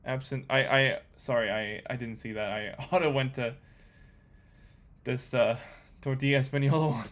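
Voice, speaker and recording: A young man talking to himself while coding, thinking aloud with excitable, chatty commentary. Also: medium pitch, moderate pace. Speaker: coding vlogger. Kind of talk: casual screen-recorded coding commentary.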